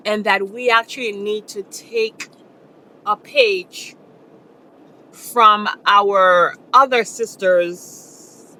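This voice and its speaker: A woman's voice: fairly high pitch, bright, forceful tone, a little hiss or hum, poor audio. A woman dating coach giving casual advice to camera in a coaxing, repetitive way, often checking in with her listeners. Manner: coaxing and repetitive, keeps checking in with "okay?" and "my beautiful ladies".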